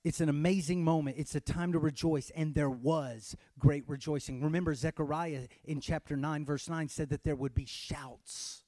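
High-voiced preacher, loud to hushed. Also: male voice, fairly even intonation, normal speed, few pauses, dry recording. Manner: preaching with call-and-response shouts, swinging from soft to loud. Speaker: pastor. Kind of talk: sermon. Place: church.

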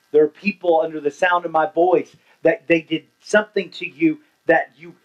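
A man preaching a sermon as pastor, swinging between hushed lines and loud ones and asking the congregation questions. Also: fairly high pitch, low-quality recording.

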